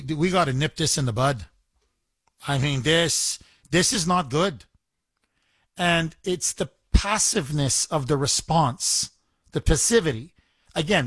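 Male call-in show host, animated ranter, tenor-ish, dry studio. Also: sits high, measured pace, husky, no echo. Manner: indignant, animated, repeats himself. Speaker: radio talk show host. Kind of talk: call-in radio talk.

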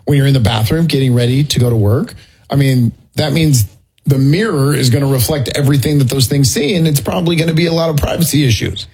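Raspy sarcastic man co-host. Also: medium pitch, fast, darkish tone. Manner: sarcastic, teasing, skeptical. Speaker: radio show co-host. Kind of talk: casual on-air banter.

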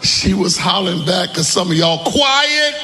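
A man preaching a sermon as pastor, calling for responses from the congregation, shouting at peaks and joking with the crowd. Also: high-pitched, lively intonation, moderate pace, soft background music. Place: large church hall. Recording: long church hall reverb.

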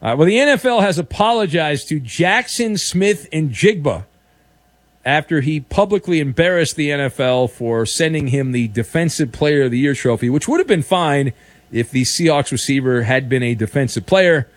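A male sports radio host talks in a playful, teasing way, and his pitch swings widely. He sits close to a dry studio microphone. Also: expressive, normal speed, no room sound.

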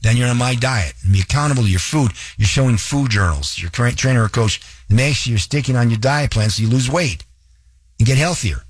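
A man hosting a radio talk show, coaching listeners directly and spelling out details slowly. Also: medium pitch, breathy edge, no echo.

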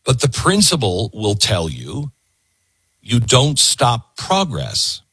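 A man's voice: mid-range voice, wildly swooping pitch, slow pace, sharp tone, husky, no echo. A middle-aged man hosting a talk show, giving an emphatic political commentary monologue and repeating his points for force.

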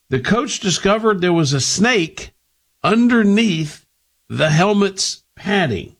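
A man's voice: high voice, very animated, slow, fairly bright tone, breathy edge. A man hosting, reading out a news story with a wry tone.

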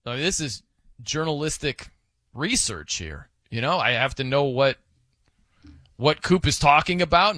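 A man's voice: fairly high pitch, sharp tone, dry recording. A man hosting a sports radio show in casual, rambling, self-amused banter at a studio microphone.

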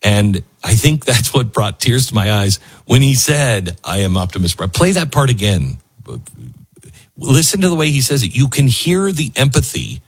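Husky, dry-voiced talk show host. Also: male voice, medium pitch, very animated, unhurried, no room sound. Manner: emotional, rambling, with restarts. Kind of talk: casual talk radio monologue.

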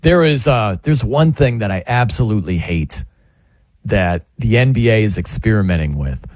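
A man with a lowish voice hosts a sports radio show, spinning a casual, jokey story at a moderate pace and acting out what people said. It's an animated sports talk monologue, recorded at studio quality with no room sound.

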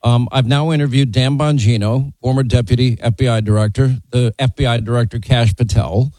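A man's voice: medium pitch, fairly even intonation, brisk, mellow, no echo. A man hosting an interview, speaking in an assertive, pointed way. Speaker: host. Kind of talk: broadcast interview.

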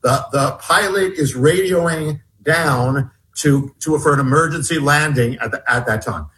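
A man's voice: a little high, measured pace, fairly bright tone, low-quality recording. A man, an author being interviewed, earnestly recounting a personal story with many restarts and repeated words. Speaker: author guest.

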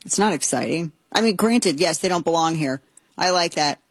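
A woman hosting a talk show, giving comedic political commentary in a sarcastic, excitable, animated way. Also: fairly low pitch, moderate pace, husky, no room sound.

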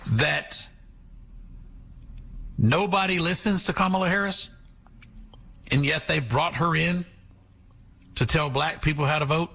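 A man hosting talk radio, giving sarcastic, animated commentary. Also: fairly high pitch, measured pace, creaky, long pauses, breathy edge.

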